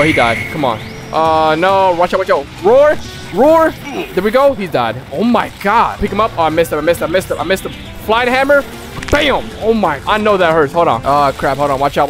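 A young man casually commentating his own gameplay, excitable and full of rapid repeated callouts. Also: extremely high pitch. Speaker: gaming YouTuber.

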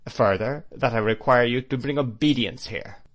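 A man's voice: medium pitch, moderate pace, close to an everyday voice. A man voicing a grave, domineering stepfather who speaks sternly.

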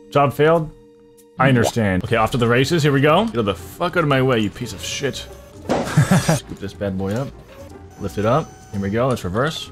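A man giving casual, excitable gameplay commentary, swearing a lot and breaking into loud frustrated outbursts. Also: mid-range voice. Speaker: gaming video creator.

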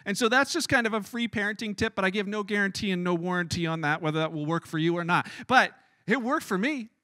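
A man preaching in an animated, conversational way, acting out scenes as he goes. His voice is high and bright, and it sounds close and dry with almost no room echo. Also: fast talker. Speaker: pastor. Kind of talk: sermon. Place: church.

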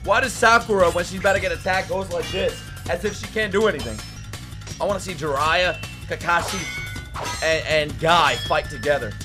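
A young man reacting to an anime episode, swearing, laughing and shouting as he comments. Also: high voice, normal speed. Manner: loud, profane, laughs and shouts often. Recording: anime soundtrack music playing loudly underneath.

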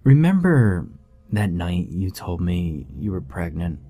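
A drowsy young husband, played by the narrator, speaking in a low, dark, slightly slurred voice. He sounds half asleep and easygoing. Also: very animated, slow, full character voice. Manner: sleepy, slurred, casual.

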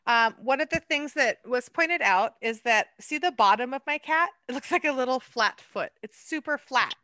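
Bright-voiced woman teaching clay art. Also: high-pitched, lively intonation, moderate pace, no room sound. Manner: chatty, laughs at herself, many ums. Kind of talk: hands-on art lesson.

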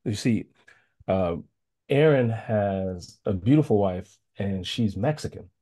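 A man of about forty, from the Chicago area, tells a personal story as a guest speaker on a video call. He speaks earnestly and haltingly, with many fillers and restarts. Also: lowish voice, animated, warm tone. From Chicago area, United States.

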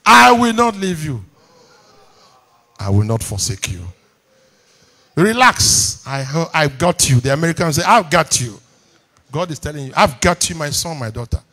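In a church hall, a pastor with a Nigerian English accent preaches from the pulpit, calling on the congregation to repeat lines back and repeating lines himself for emphasis. His voice is a little high and a bit bright, with lively intonation and a slightly fast pace.

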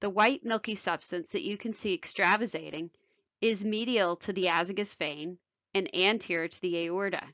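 A woman surgeon giving a medical video lecture in a measured, technical way. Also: medium pitch, fairly bright tone, no echo, highs cut off. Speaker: thoracic surgeon.

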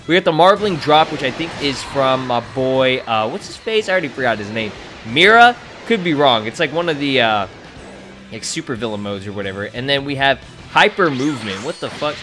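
A young man giving excitable, profanity-laced commentary over his gameplay, laughing often. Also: medium pitch. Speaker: gaming YouTuber.

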